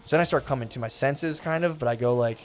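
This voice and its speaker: Rambling, animated young man telling a story. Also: fast talker. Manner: rambling, animated, heavy swearing and filler words; acts out quoted voices with sudden pitch jumps. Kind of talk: casual storytelling.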